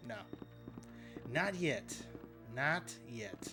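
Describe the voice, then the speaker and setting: A man's voice: medium pitch, expressive, extremely slow. A man streams a game live, cracking jokes and answering his chat between moves. His voice swings up and down a lot as he talks. Faint game music runs behind him. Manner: joking, chatting with viewers while playing. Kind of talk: live gameplay commentary.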